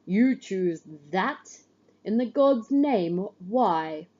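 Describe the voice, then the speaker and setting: A woman's voice: on the low side, animated, mellow, highs cut off. Woman doing a hulking scornful hero. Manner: slow, mocking drawl. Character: huge scornful male warrior hero, brutish.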